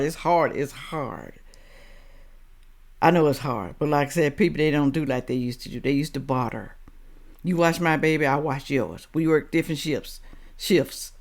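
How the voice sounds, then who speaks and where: A woman hosting a reaction video, giving blunt, scolding commentary that swings from low asides to loud outbursts. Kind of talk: opinionated commentary.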